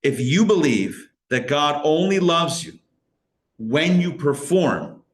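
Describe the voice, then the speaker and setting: A male rabbi teaching a live Kabbalah class, animated, asking rhetorical questions and breaking off his own sentences. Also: on the high side, takes it slowly.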